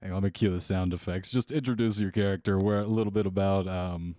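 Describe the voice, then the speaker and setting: A man running a tabletop game as game master, brisk and joking with coarse asides. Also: low voice, fairly even intonation, dark tone, no echo, clean studio sound.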